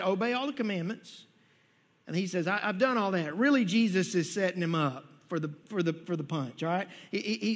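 A man preaching a sermon as a pastor, conversational, with frequent repeated words and slow, emphatic phrases. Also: high-pitched, a bit bright. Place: church sanctuary. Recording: long reverb of a church hall.

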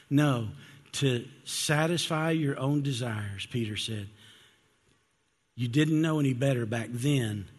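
An older man, a grandfather and pastor, preaching a sermon to his church in an animated way, voicing the people he quotes and calling for responses. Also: medium pitch, slightly rough. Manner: animated, acts out quoted voices, asks for responses. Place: church sanctuary. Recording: long hall reverb.

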